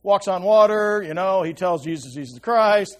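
A man preaching a conversational Bible teaching, often checking in with his listeners and dropping to a hushed voice to stress a point. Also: high voice, lively intonation, moderate pace.

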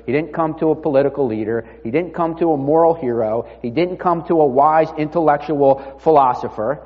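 Male preacher, mid-pitched, conversational storytelling sermon, long hall reverb, dull lo-fi sound. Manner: conversational storytelling, drops to near-murmur.

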